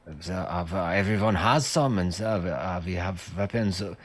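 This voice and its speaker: A man's voice: low voice, normal speed. A man doing a stammering captured guard. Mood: nervous, evasive. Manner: stammering, hesitant, evasive. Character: nervous captured male cultist guard. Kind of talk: tabletop role-play voice.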